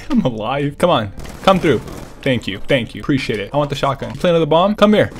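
A man giving casual gameplay commentary while sniping, excitable and quick to laugh and shout at big plays. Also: fairly high pitch, faint music behind. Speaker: gaming YouTuber.

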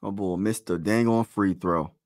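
A young man giving casual fan play-by-play of a basketball game, excitable, pleading and groaning as plays unfold. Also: fairly low pitch, moderate pace, no room sound, clean studio sound. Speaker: live play-by-play streamer.

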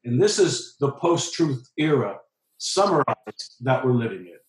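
A man's voice: mid-range voice, big pitch swings, a little slow, roomy sound, rough recording. A man, a professor and journalist, explaining his points in an emphatic, lecturing way during a conversation. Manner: lecturing, emphatic, repeats key phrases. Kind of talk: conversational discussion.

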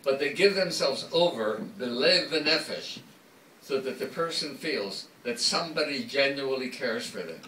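A man's voice: mid-range voice, lively intonation, moderate pace, sharp tone, a little hiss or hum. An older man giving a public talk, telling a story and acting out the lines of the people in it. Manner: anecdotal, acts out quoted dialogue. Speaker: speaker. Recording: echoey hall from far off.

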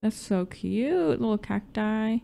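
A woman's voice: on the high side, lively intonation, takes it slowly, creaky, a little hiss or hum. A young woman chatting casually and joking with viewers while playing a farming game. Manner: chatty, self-mocking, jokey asides to viewers. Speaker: let's play gamer. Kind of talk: casual gameplay commentary. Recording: loud background music. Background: music.

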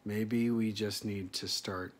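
A man's voice: fairly low pitch, steady tone, takes it slowly. A middle-aged male actor delivering a rambling, earnest spoken monologue in a pleading tone.

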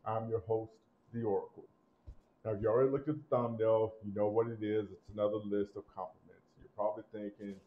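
Male host, low voice, punchy delivery, slightly dull lo-fi sound, casual review. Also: fast, slight background noise. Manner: animated, emphatic, swings between loud punches and low asides.

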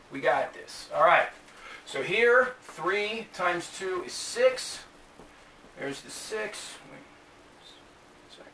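A man's voice: a little high, bright, forceful tone. A man teaching a math lesson in a classroom, chatty and slipping jokes between the steps. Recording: echoey room, mic at a distance, faint hiss.

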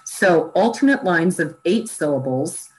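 A woman's voice: lowish voice, animated, a little slow, a little hiss or hum, low-quality recording. A woman hosting a podcast, chatting casually and thinking aloud with lots of "you know"s. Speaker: podcast host. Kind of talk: casual interview chat.

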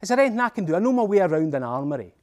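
An eager, cheeky boy, put on by a Scottish man chatters brightly and politely, his voice bouncing high. A storybook hero running errands for one creature after another. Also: big pitch swings, very fast.

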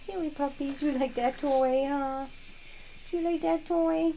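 A middle-aged woman breeder coos to her puppies in a very high, sing-song baby-talk voice, drawing out her words slowly and repeating pet names. The home video was recorded on a handheld camera in a nursery, with clear background noise. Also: steady tone, warm tone. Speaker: dog breeder. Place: indoor puppy nursery.

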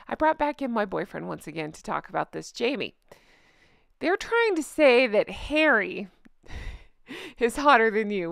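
A woman's voice: mid-range voice, expressive, normal speed, creaky, fairly bright tone, dry recording, clean studio sound. A woman hosting a casual commentary vlog, sarcastic and giggly, often gushing. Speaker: host.

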